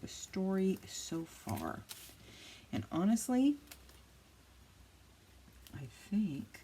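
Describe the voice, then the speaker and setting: Speaking extremely slowly, a woman with a medium-pitched, mellow voice lets her pitch swoop wildly as she runs a casual crafting tutorial. She's chatty, thinking aloud and muttering and scolding herself while working, and a little hiss or hum sits under the audio.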